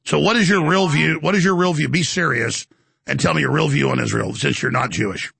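A man hosting a talk radio show, taking callers in a forceful, exasperated way. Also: on the high side, fairly quick, gravelly, breathy edge, no echo. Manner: forceful, exasperated, and prone to dramatic recitation.

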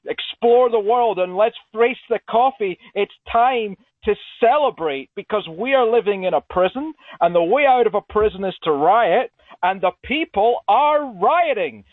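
A man from Scotland speaks earnestly and politely as a caller on a radio show. His voice sits fairly high and comes through a tinny phone line, dry and close. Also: animated, moderate pace, no echo. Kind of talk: phone-in call.

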